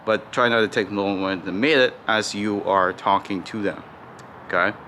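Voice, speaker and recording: A man teaching phone sales technique in a casual tutorial, talking in a mostly flat, unhurried tone and peppering his points with "right?" and "you know". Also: on the low side, slight background noise. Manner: calls his own default voice flat and slow, demonstrates tones. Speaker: sales coach.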